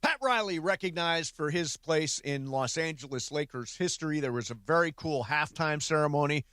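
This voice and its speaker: Older man, radio co-host, slightly high voice, dry studio, wry and chatty. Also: normal speed, sharp tone, smooth, no echo. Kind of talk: casual sports radio chat.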